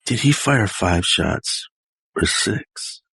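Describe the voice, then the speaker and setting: A man doing an impression of a gruff film tough guy, low, breathy and menacing. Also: animated, slow pace, bright, forceful tone, no echo, heavily acted.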